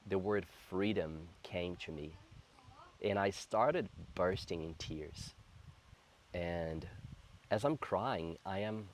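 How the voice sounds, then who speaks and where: Low-voiced earnest man in his thirties. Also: lively intonation, a little hiss or hum. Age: 30s. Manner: earnest, reflective, slow and heartfelt. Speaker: spiritual coach. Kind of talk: personal spiritual storytelling to camera.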